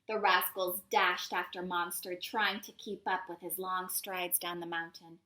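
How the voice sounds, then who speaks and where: A woman reading a picture book aloud to children in a playful way, pausing for little asides to her listeners. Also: fairly low pitch, little pitch movement, bright, forceful tone.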